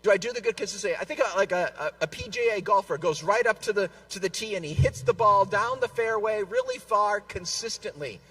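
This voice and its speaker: A man giving a lively, self-deprecating storytelling talk to a live audience at a convention, often stammering over repeated words. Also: sits high, fairly quick, few pauses, distant mic, poor audio. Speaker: convention speaker. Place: large convention hall.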